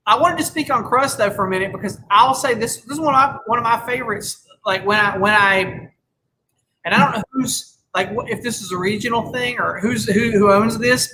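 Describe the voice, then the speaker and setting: Over a noisy background, a man in his thirties hosts a podcast, chatting casually, rambling, restarting often, and cursing freely. He speaks at a moderate pace in a high-pitched voice.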